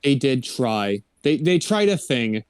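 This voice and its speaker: A man's voice: mid-range voice, big pitch swings, takes it slowly, clean tone, dry recording. Dry-sounding man rambling through a plot recap. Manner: rambling plot recap with mock character quotes. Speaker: podcast co-host. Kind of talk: casual movie review chat.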